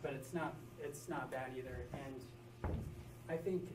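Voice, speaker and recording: A man's voice: mid-range voice, a little slow, echoey room, far from the mic, noisy background. A man in a class sharing an example, thinking aloud with hesitations. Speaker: student. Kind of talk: classroom discussion.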